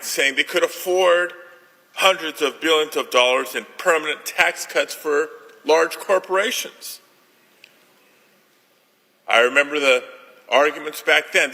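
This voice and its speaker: Slow, indignant senator with a bright voice. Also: male voice, fairly high pitch. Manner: deliberate, indignant. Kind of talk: formal floor speech. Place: large legislative chamber. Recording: reverberant legislative chamber.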